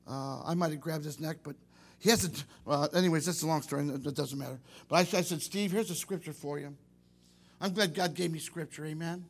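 A man's voice: fairly high pitch, brisk, breathy edge. A man preaching a sermon, rambling with many restarts and calls for amen.

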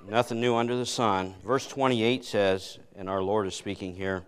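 A man's voice: fairly low pitch, steady tone, normal speed, few pauses, clean tone. A man preaching a sermon in a church. He moves from folksy, conversational storytelling into earnest preaching and prayer. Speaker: guest preacher. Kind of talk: sermon with folksy joke-telling.

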